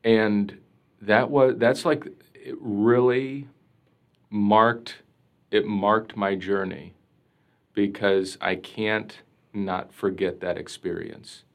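A priest being interviewed, telling a personal story in an earnest, reflective way, full of casual fillers. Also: male voice, fairly low pitch, steady tone, takes it slowly.

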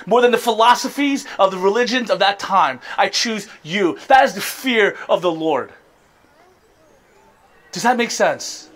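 A man in his thirties delivers a sermon from the pulpit. His voice sits high and light for a man. He speaks earnestly and rises into impassioned appeals to his congregation. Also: expressive, unhurried, a bit bright. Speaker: pastor.

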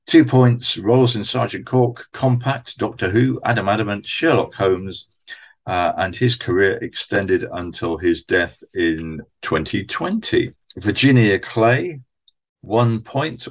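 A man with a fairly low voice talks through old television credits one by one, steady and methodical. The recording sounds dull and lo-fi, as if the top end has been shaved off. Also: a little slow. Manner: methodical, reads out credits and dates. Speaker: podcast co-host. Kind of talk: casual chat about old TV.

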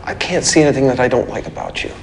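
An actor playing a shy, hesitant man speaking quietly in a film scene. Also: mid-range voice, wildly swooping pitch, racing, creaky, slight background noise.

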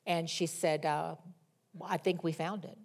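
A middle-aged woman preacher reading scripture and telling a humorous personal story in a lively sermon. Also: low voice, a little slow, noisy background.

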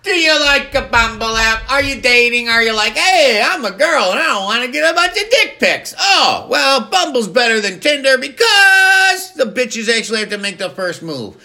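A man voicing a manic ad pitchman who yells crude lines in a high voice. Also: big pitch swings, normal speed, hardly any pauses, exaggerated voice. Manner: yelling, hyped, crude. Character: manic shouting male ad pitchman.

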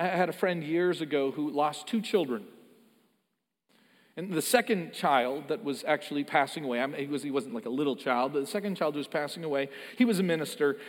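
Preaching man in a reverberant hall. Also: on the high side. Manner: earnest, emphatic preaching with frequent word repeats. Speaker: pastor. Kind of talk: sermon.

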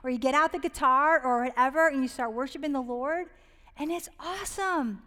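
A woman giving a heartfelt, rambling devotional talk about parenting, sometimes dropping to a hushed whisper on tender points. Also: high-pitched, fairly quick, long reverb tail. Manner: rambling, many fillers and restarts. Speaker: Christian parenting speaker.

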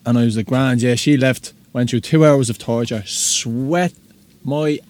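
A man with a Dublin Irish accent hosts a casual podcast chat and tells his own story in easygoing, sweary banter. His voice sits in an ordinary middle pitch. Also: unhurried, darkish tone. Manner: laid-back, sweary banter. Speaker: podcast host.

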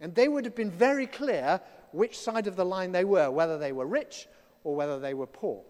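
Male preacher, chatty and wry, lively delivery, big church echo. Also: high-pitched, normal speed. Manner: conversational, self-deprecating asides. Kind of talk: sermon. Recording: long reverb of a church hall.

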